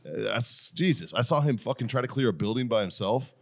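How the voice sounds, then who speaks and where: A man's voice: medium pitch, lively intonation, brisk, a bit bright. A middle-aged American man telling profane stories in casual podcast chat, laughing often as he goes. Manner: profane, storytelling, laughs a lot. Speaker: podcast host.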